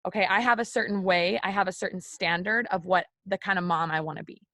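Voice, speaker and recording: A woman's voice: fairly low pitch, fairly even intonation, fast talker, a bit bright, no room sound. A young woman speaking candidly to viewers in a personal devotional talk, confiding and repeating phrases for emphasis. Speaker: faith video host.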